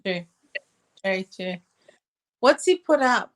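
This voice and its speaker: A woman's voice: medium pitch, expressive, takes it slowly. A woman co-hosting a casual holiday chat over a video call, encouraging and cheering the other host on.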